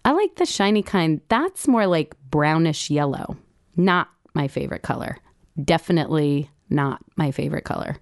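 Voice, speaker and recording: A woman's voice: sits low, expressive, normal speed, no room sound, studio quality. A woman voicing an earnest, opinionated little girl who talks bluntly and matter-of-factly. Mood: earnest critique.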